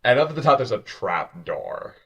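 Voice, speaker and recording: A man's voice: medium pitch, sing-song, moderate pace, fairly bright tone, breathy edge. A man narrating a tabletop game as game master, casual and rambling, with many restarts.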